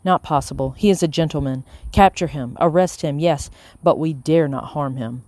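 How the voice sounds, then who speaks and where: Reader doing a curt, guarded colonial gentleman. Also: mid-range voice, moderate pace, no room sound, close to an everyday voice. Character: wary wealthy colonial-era gentleman. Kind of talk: audiobook character reading.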